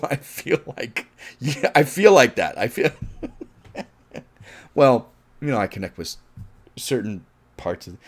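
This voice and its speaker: A man giving a casual, rambling film review. He swears freely, laughs, and trips over his words as he goes. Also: mid-range voice. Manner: rambling and animated, swears often, laughs, restarts a lot.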